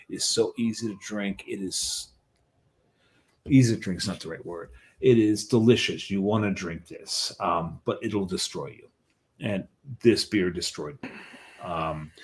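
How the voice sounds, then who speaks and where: A man co-hosting a craft beer show, chatting casually and enthusiastically about beers, with emphatic repeats. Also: lowish voice. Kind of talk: casual chat reviewing beers.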